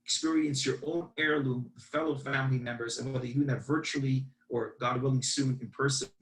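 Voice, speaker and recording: A man, a campus rabbi telling a story in a webinar and acting out both sides of the dialogue with lively energy. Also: mid-range voice, slight background noise, rough recording. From Brooklyn, New York. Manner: animated, acts out dialogue.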